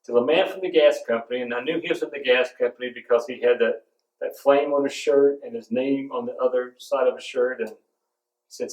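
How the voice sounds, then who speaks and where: A man's voice: mid-range voice, normal speed. A man preaching a sermon, telling stories and hammering home points with emphatic repetition. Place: church sanctuary. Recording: roomy echo, from a distance.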